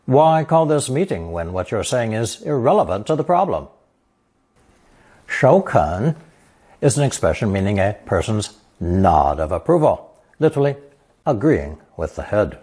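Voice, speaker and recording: A man teaching a recorded language lesson, explaining word meanings slowly and clearly and reading example sentences aloud. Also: lowish voice, sing-song, a little mellow.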